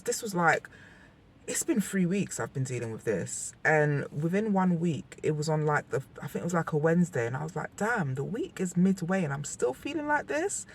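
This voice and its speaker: A young woman talking candidly to camera in a personal vlog, emotional and rambling, often restarting her sentences. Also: sits low. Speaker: vlogger.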